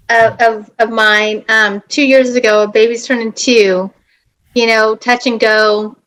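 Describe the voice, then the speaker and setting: Effusive higher-voiced woman podcast host. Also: fairly even intonation, a little slow, rough recording. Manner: effusive and emotional, warmly praising guests. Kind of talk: casual podcast interview.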